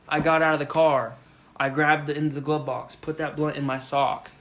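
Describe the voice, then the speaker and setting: A young man co-hosting a podcast, telling a story casually and with lots of swearing, shouting out the lines he quotes. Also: on the high side, a little fast, a little hiss or hum. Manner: profane, animated retelling with loud shouted quotes. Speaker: podcast co-host.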